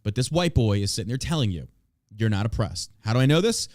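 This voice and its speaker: A man's voice: fairly low pitch, very animated, fast talker, darkish tone, dry recording, clean studio sound. An American man hosting a podcast, ranting in a profane, combative and sarcastic way. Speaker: podcast host. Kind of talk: opinion podcast rant.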